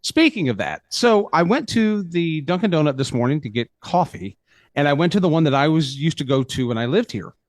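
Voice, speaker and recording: A man co-hosting a morning radio show, chatting casually and telling animated stories, quick to protest when teased. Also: on the high side, no echo, studio quality. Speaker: radio co-host.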